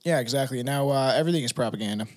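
A man's voice: mid-range voice, racing, a little mellow. A young man from Canada co-hosting a crude comedy podcast, rambling with lots of fillers and laughs. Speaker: podcast co-host. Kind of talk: casual crude chat.

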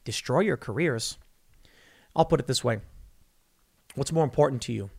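A man's voice: medium pitch, gravelly, darkish tone, breathy edge. Heated sarcastic male commentator. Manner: heated, sarcastic, mocking quoted voices; rushes through read-out news text. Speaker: podcast host. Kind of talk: opinionated commentary monologue.

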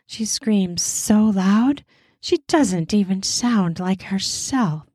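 Slow, intimate woman storyteller. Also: mid-range voice, animated, dark tone, husky, no room sound, clean studio sound. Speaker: narrator. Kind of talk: scripted erotic story narration.

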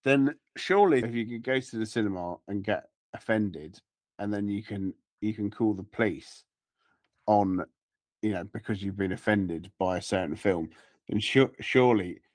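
A man's voice: fairly low pitch, moderate pace, dry recording, studio quality. A man co-hosting a casual comedy podcast, laid-back and wry. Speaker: podcast co-host.

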